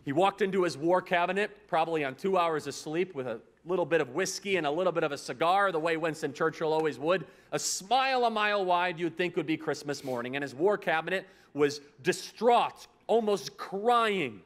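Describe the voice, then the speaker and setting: A man with a high voice delivering a speech as a dramatic story. He acts out the scene with theatrical flourish and builds steadily toward a rousing, patriotic finish. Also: brisk, hardly any pauses. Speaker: speaker giving a speech.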